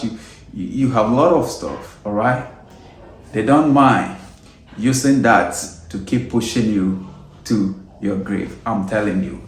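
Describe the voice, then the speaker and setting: Male host, mid-pitched voice, slow emphatic advice talk, roomy echoey sound. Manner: repeats "all right?" and "okay?" after points. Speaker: video host giving advice.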